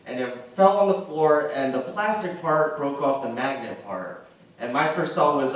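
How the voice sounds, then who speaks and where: A man's voice: a little high, expressive, normal speed. A young man doing a stand-up comedy set, talking casually with lots of fillers and acting out other people's lines. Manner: conversational, acts out quoted voices, frequent "like" fillers. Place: theatre stage with audience laughing. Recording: roomy echo, distant mic, faint noise.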